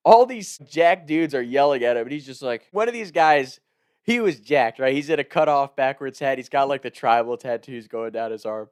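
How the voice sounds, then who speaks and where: A young man casually telling a wild story, animated, laughing and shouting out the lines he quotes. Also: mid-range voice, moderate pace, clear, resonant tone.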